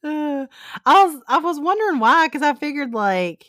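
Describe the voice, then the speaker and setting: A woman co-hosting a podcast, chatting about a book, animated when retelling and quick to laugh. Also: sits high, no room sound, studio quality. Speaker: podcast co-host. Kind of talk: casual book discussion.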